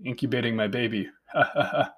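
A man voicing an ambitious, grasping male scientist with a forceful laugh in an audiobook. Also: mid-range voice, moderate pace, muffled recording, close to an everyday voice. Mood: brash.

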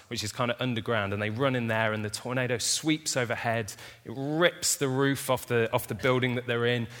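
A male preacher delivers a sermon in a relaxed, conversational way, slipping into lighthearted storytelling. His mid-pitched voice carries with a long reverb trailing off the walls of a church hall. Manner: casual, conversational storytelling with humor.

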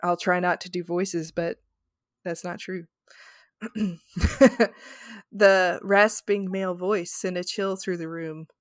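A woman's voice: lowish voice, flat delivery, slow, pauses often, dry recording, clean studio sound. A woman co-hosting a podcast, reading a ghost story aloud dramatically with casual, apologetic asides. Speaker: podcast co-host.

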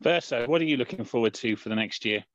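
A man's voice: mid-range voice, quick pace, no room sound. Man, podcast co-host, casual chat, dry close sound, slightly muffled. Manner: brief, encouraging interjections.

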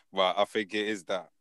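A man's voice: on the low side, a bit bright, no echo. A young father chatting casually on a podcast, telling stories steadily and laughing easily. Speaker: podcast co-host. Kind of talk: casual chat.

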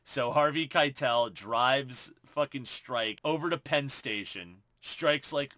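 A man co-hosting a podcast, casually recapping a movie with profane, animated retellings of scenes and quoted lines. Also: mid-range voice, slow, few pauses, no room sound. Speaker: podcast co-host. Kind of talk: casual film recap chat.

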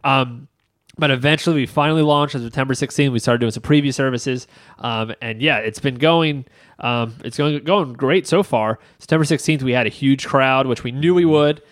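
A man's voice: medium pitch, moderate pace, no echo, studio quality. A man co-hosting a casual podcast chat, a pastor who trades teasing asides and laughs. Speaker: co-host, church planter pastor.

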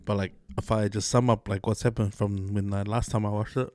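A man co-hosting a podcast, telling stories in a relaxed casual chat and acting out other people's lines. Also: lowish voice, a little fast, dry recording, clean studio sound. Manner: laid-back storytelling, mimics others in quotes. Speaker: podcast co-host.

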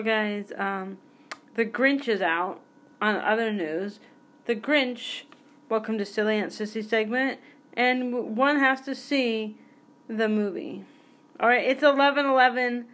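A woman in her forties hosts her own podcast, her mid-range voice a bit bright. She chats solo in a goofy, rambling way, hopping from one topic to the next.

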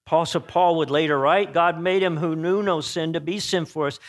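A man preaching an earnest sermon. He swings between emphatic peaks and hushed, solemn passages, and often corrects himself mid-phrase. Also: on the high side, fairly even intonation, moderate pace. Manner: frequent self-corrections and restarts.

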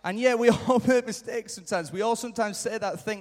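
A man preaches earnestly in a church hall, his high voice fairly quick as he repeats key lines and sometimes acts out brief quoted remarks. The live recording has church hall reverb.

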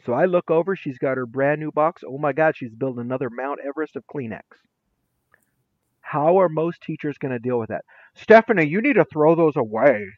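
A man's voice: mid-range voice, fairly quick, dry recording. A middle-aged man, a guest educator, telling classroom stories in an emphatic, punchy way with casual slang. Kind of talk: animated storytelling in conversation. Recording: dry, dull lo-fi sound.

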